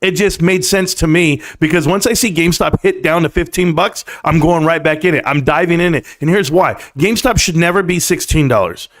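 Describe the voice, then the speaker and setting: A man hosting a live stream, talking casually and emphatically about the stock market and telling quick stories. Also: fairly high pitch. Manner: chatty, storytelling, emphatic.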